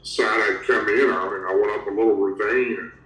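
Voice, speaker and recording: Man, drawl, rambling storyteller, low voice, roomy echo. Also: steady tone, brisk, pushed and bright. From Tennessee, USA. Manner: rambling, strings events together with "and". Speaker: guest recounting a creature encounter. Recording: roomy, distant from the mic.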